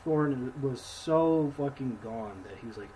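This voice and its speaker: A man co-hosting a casual film review chat, rambling and swearing, acting out scenes in quick mock voices. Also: medium pitch, lively intonation, dark tone, slight background noise, poor audio.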